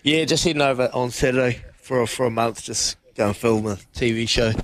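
A man's voice: medium pitch, a little fast, fairly bright tone. A young man with a New Zealand accent co-hosting a breakfast radio show in chatty, upbeat banter. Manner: upbeat, chatty, laughs easily.

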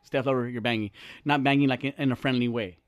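A man's voice: medium pitch, steady tone, quick pace, no echo, studio quality. A young man telling stories in a casual chat, slangy and profane, laughing often.

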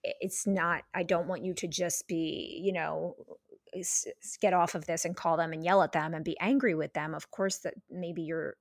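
A woman's voice: fairly low pitch, fairly even intonation, normal speed, no room sound, clean studio sound. A woman hosting a solo podcast, talking earnestly about mental health in a rambling way, with many fillers and restarts. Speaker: podcast host.

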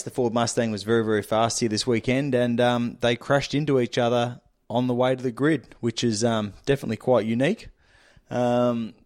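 A man with an Australian accent, talking casually as a podcast guest and filling pauses with ums. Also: medium pitch, no room sound, studio quality. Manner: relaxed, lots of ums and uhs. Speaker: guest motorsport journalist.

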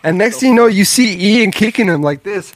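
High-voiced man telling a story. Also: animated, brisk. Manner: slangy, profane, laughing. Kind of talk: casual storytelling chat.

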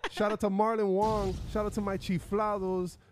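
A man hosting a podcast in a studio, joking and animated, tossing out shout-outs on a studio microphone. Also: high voice, normal speed, a loud crowd. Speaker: podcast host. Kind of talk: casual podcast chat.

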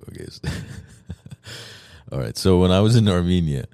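A man with an extremely low, dark voice tells a story casually among friends. He is lively and loose, full of fillers and restarts. The sound is close and dry, with no room. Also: unhurried, no room sound. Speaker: podcast co-host telling a story.

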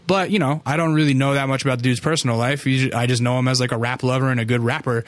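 A man's voice: medium pitch, steady tone, fast, no room sound. A man hosting a podcast, telling a rambling, casual story intro full of fillers and swearing. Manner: loose and profane, full of fillers. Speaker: podcast host.

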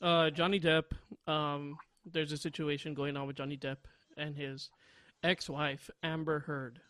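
A young man co-hosting a podcast, rambling and laughing loudly at his own stories. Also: fairly high pitch, flat delivery, a little slow, dry recording. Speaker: podcast co-host. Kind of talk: casual podcast chat.

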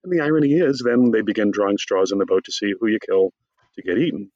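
Man, author in conversation, excited, fast, full of asides, muffled tone, dry room. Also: fairly low pitch, no room sound. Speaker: author discussing his book. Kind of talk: animated conversational interview.

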